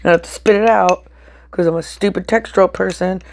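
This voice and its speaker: A woman's voice: medium pitch, fairly even intonation, a little fast, vocal fry, darkish tone, slight background noise. A woman chatting casually to her camera while eating, blunt and frank, swearing and then apologizing. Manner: talks between bites while eating. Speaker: mukbang vlogger.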